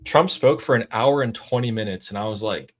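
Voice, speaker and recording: A man's voice: fairly low pitch, a little fast. A man co-hosting a political commentary show, explaining the news in a casual, emphatic way.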